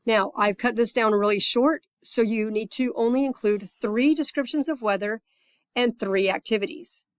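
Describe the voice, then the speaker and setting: Woman, teacher voice, slightly high, dry close recording, patient lesson delivery. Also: no room sound. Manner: patient, repeats okay often; reads Spanish example phrases slowly. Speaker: Spanish teacher.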